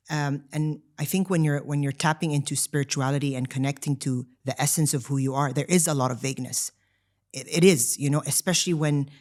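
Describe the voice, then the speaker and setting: A woman in her thirties co-hosting a podcast, telling her own story in casual chat, animated and full of "like" fillers and restarts. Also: low-pitched. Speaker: podcast co-host.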